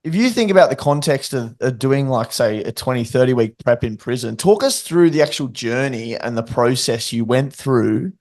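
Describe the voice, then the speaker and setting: A man's voice: medium pitch, expressive, moderate pace, hardly any pauses, darkish tone. A man hosting a podcast, asking long, detailed interview questions. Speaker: podcast host.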